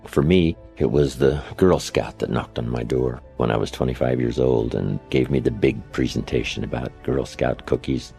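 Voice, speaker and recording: A man's voice: extremely low pitch, normal speed, vocal fry, hardly any pauses, dark tone, faint music behind. An older man giving a motivational speech, telling stories in a conversational, anecdotal way with tag questions. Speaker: motivational speaker. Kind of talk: storytelling speech. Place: lecture setting, played from an archive recording.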